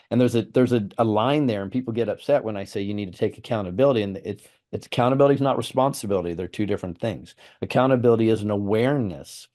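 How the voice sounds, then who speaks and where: A man's voice: lowish voice, a little mellow. A man hosting an interview, explaining his views earnestly with examples and often repeating words. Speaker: host. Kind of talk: interview conversation.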